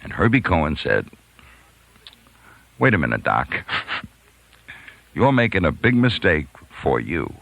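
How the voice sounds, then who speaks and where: A man's voice: extremely low pitch, slow, creaky, long pauses, poor audio. A man, a radio host from New York, telling a long funny story and acting out the voices of the people in it. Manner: animated storyteller, acts out voices, laughs mid-story. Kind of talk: storytelling monologue.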